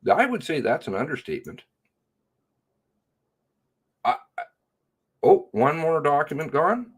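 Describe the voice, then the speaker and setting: Slow, husky man with sarcastic asides. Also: on the high side, sing-song. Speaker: commentator. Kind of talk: reading and commenting on news reports.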